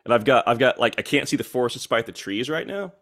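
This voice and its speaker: A man from Oklahoma, a songwriter guest, talking quickly and joking in casual chat. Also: medium pitch, animated, a bit bright.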